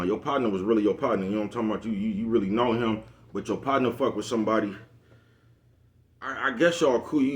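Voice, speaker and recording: A man, talking casually to camera, rambling, repeating "you know what I'm talking about" and laughing at his own jokes. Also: fairly low pitch. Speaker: vlogger. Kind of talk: casual monologue.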